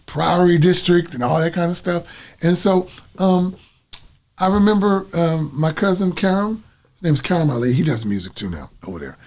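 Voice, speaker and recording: A middle-aged singer from the United States, a guest telling stories in a casual interview and acting out the dialogue. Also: male voice, on the high side, moderate pace. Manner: animated, acts out quoted dialogue.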